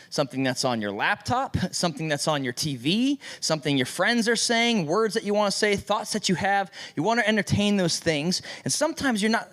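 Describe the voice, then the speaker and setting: Male youth pastor with a higher-than-average voice, preaching in a church youth room and acting out lively mini-skits for teens. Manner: animated, acts out voices in little skits. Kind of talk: youth sermon.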